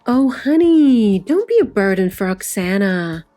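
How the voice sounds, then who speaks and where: A gentle, affectionate mother, voiced by a female narrator who speaks sweetly and slowly. Her tone lifts above the reader's usual pitch, over faint music. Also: very animated.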